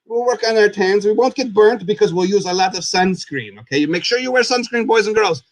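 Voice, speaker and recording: A man hosting a live puppet talk show as a goofy, chatty skeleton, rambling and excitable, and referring to himself in the third person. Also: high voice, brisk, no room sound. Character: goofy skeleton host, male, chatty and silly. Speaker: host.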